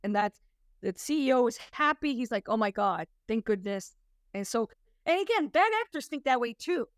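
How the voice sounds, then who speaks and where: A woman with a high-pitched voice and big pitch swings speaks fairly quickly, captured in a dry, clean studio recording. She's a compliance consultant presenting to an audience, and her storytelling is emphatic and conversational.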